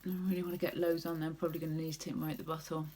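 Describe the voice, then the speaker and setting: A woman's voice: low-pitched, flat delivery, very fast, mellow. A woman vlogger chatting casually through a makeup tutorial, rambling with jokey asides.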